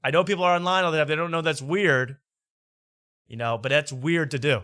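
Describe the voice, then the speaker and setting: Bright, dry-voiced male commentary host. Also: fairly high pitch, fairly quick, smooth, dry recording. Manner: wry, mocking, laughs as he talks. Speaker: host reacting to podcast clips. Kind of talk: casual commentary.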